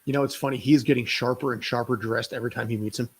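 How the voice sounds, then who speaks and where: A man's voice: medium pitch, steady tone, fast talker, breathy edge. A man co-hosting a casual movie watch-party chat, full of joking, laughing asides.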